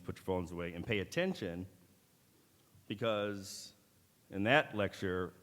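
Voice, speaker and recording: Middle-aged male keynote speaker, lowish voice, deliberate with dry wit, long auditorium reverb. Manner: measured, deliberate delivery with wry asides. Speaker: keynote speaker at a medical school ceremony. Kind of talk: formal ceremonial speech with dry humor. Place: large auditorium.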